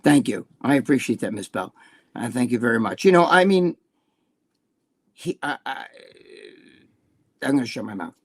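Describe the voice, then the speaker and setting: A man's voice: medium pitch, lively intonation, moderate pace, pauses often, breathy edge. An older man chatting as a guest, rambling and profane with many restarts. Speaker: guest, bodybuilding columnist. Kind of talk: casual live chat.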